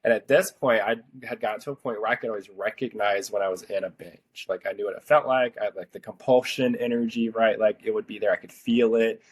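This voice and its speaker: Chatty man with a low, husky voice. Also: fairly even intonation, brisk, few pauses. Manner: chatty, rambling, heavy use of "like". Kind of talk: casual storytelling conversation.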